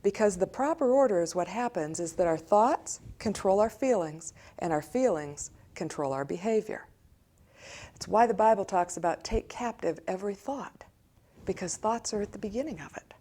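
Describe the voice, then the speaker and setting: An American woman speaking as a church counselor, giving an animated teaching talk and acting out quoted voices of children and parents. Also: mid-range voice, moderate pace. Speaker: church director of community, counselor.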